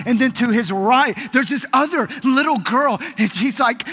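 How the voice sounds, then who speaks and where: Pastor, male, high and bright-toned, passionate sermon delivery. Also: normal speed, faint music behind. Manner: impassioned, building to pleas and soft hushed moments.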